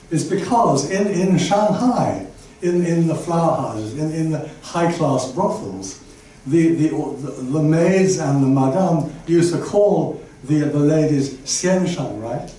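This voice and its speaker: A warm, slightly high voice belongs to an older guest lecturer who takes his time. In a lecture room with an audience, he delivers a rambling, chatty public talk stuffed with asides and fillers; the recording is very echoey, distant, and carries faint background noise.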